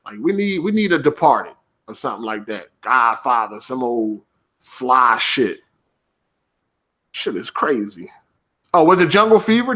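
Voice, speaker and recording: A podcast host, swearing heavily as he talks casually and snaps back at his livestream chat. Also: a little high. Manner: profane, animated, reacting to chat.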